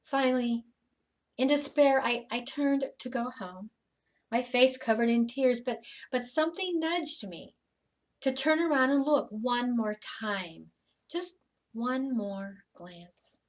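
Woman doing a first-person disciple monologue, slow, kinda high, stumbles and repeats, drops to whispers, mic a bit far off. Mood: grieving. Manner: emotional, stammering repeats, sinking to soft whispers. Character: Mary Magdalene, woman disciple, joyful witness. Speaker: dramatic monologue in a church service. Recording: voice from some distance off the mic.

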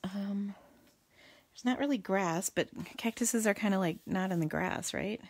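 A woman's voice: medium pitch, a little slow, darkish tone, no echo. A woman hosting a casual live card-making demo, chatty and goofy, talking to viewers and muttering to herself as she works.

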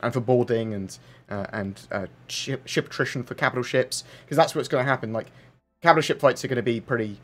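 A livestream host, a man with a medium-pitched, fairly bright voice, talks a little fast over soft background music. He reads viewer questions aloud and answers them in a rambling, chatty way, full of fillers.

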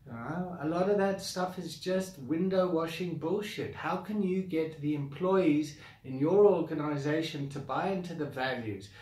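A man's voice: fairly high pitch, moderate pace, few pauses, darkish tone, echoey room, far from the mic. A man with a South African accent who founded a coaching academy, bluntly venting his frustration straight to the camera with sighs and repeated complaints. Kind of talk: direct-to-camera rant.

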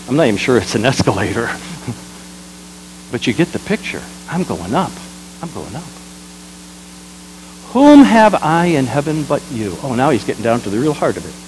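Pastor guy preaching, swoops all over the place loud then quiet, gets the crowd repeating lines, some static hum. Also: high voice, rough recording. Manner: dramatic swings between loud exclamations and quiet asides; leads the congregation in call-and-response. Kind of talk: sermon.

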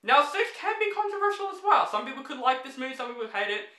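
Exasperated high-voiced movie-reviewer man. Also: very animated, quick pace, sharp tone, roomy sound, slight background noise. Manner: exasperated, blunt, swears freely.

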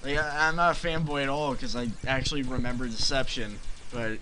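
A man's voice: mid-range voice, steady tone, fairly quick, hardly any pauses, bright, forceful tone, a little hiss or hum, low-quality recording. A man doing a sarcastic parody game review, ranting in an exasperated voice as an angry fanboy who keeps repeating himself. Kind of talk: satirical rant as an angry fanboy.

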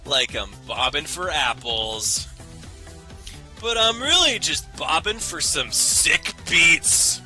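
A man, playing it up as a loud, cheesy gaming-show host bursts in with a high, brassy, over-the-top delivery. Every word is shouted with exaggerated hype. His tone is sharp and piercing, like a jokey showman. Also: very animated, slow pace, faint music behind, full character voice. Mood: hyped.

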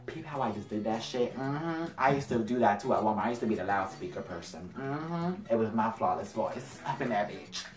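A man's voice: lowish voice, expressive, a little fast, hardly any pauses, reverberant, distant mic. Sassy, profane young man telling a story. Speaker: vlogger. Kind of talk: storytime vlog.

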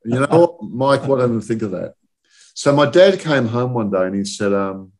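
Older man in his sixties, low voice; casual guest spinning loose, anecdotal stories. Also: moderate pace, a little mellow. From southern England. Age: 60s. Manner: rambling anecdotal storyteller, often checks in with "okay?". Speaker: guest, industry chief executive. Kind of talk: casual podcast chat.

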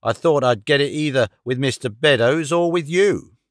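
A man reading an audiobook voices a sly, cringing old sailor with rough, common speech. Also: medium pitch, normal speed, no room sound, clean studio sound, natural voice.

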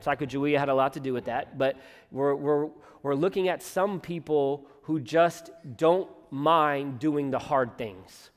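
A pastor delivering a conversational sermon from the pulpit, reading scripture and adding joking asides. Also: male voice, on the high side. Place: church sanctuary. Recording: long reverb of a church hall.

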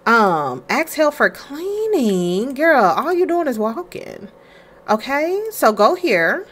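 Chatty woman narrating her game with lively pitch. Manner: chatty, talks to viewers as y'all, voices her characters in quick quoted asides. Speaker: gaming creator playing a life-simulation game. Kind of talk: casual let's-play commentary.

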